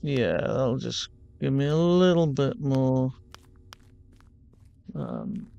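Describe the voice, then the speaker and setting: A man gives casual commentary on his game playthrough, thinking aloud as he plays. His voice is smooth with some gravel in it, and he talks slowly. The recording is dull and a little lo-fi. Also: medium pitch, big pitch swings, warm tone, soft background music. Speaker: gaming channel host.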